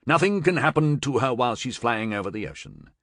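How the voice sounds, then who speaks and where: A man voicing a solemn male master general who gives measured commands. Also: medium pitch, very animated, fairly bright tone, no echo, clean studio sound, voice pushed up. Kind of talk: audiobook character voice.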